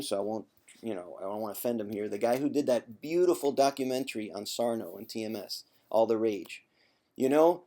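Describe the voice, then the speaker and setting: A man's voice: mid-range voice, darkish tone. Man giving teasing tough-love advice. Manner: conversational, with frequent throat clearing. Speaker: former chronic pain sufferer giving advice. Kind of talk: direct-to-camera vlog monologue.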